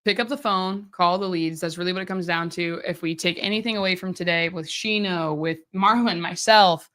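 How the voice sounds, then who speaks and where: A woman's voice: fairly low pitch, fairly even intonation, normal speed, fairly bright tone. A woman hosting a casual group call, prompting a guest to tell a story. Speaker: host.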